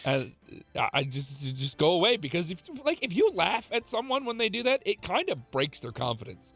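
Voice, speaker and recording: A man chatting casually on a live stream, relaxed and swearing easily as he tells stories. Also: on the high side, normal speed. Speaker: streamer co-host. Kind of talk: casual storytelling chat. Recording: music faint in background.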